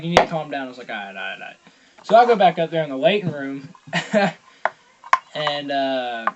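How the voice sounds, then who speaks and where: A young man telling a rambling story in a casual vlog, swearing constantly and acting out loud quotes. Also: on the high side, slight background noise. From Georgia, US. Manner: profane, rambling, heavy swearing. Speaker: vlogger.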